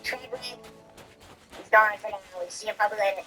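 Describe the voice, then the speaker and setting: A woman's voice: mid-range voice, normal speed, bright, forceful tone, faint music behind, low-quality recording. A woman ranting to camera in an exasperated, slangy way.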